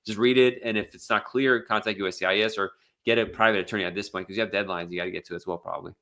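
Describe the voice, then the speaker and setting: An American immigration attorney hosts a live Q&A, casually reading viewer questions with plenty of fillers and restarts. His voice sits on the low side with a steady tone, rapid-fire, pushed and bright.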